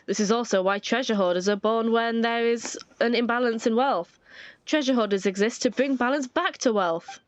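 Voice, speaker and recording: A woman's voice: fairly high pitch, normal speed, dry recording, close to an everyday voice. A woman voicing a smug, condescending cult operative in a game who makes threats. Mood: preachy. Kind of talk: fan voice-over of a game scene. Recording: dull lo-fi with faint music.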